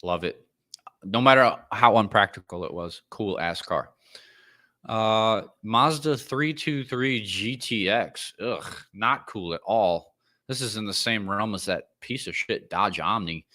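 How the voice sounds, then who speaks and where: Podcast host, man from the US, opinionated and profane, lowish bright voice, rants then apologizes. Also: a little slow. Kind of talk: casual ranting commentary.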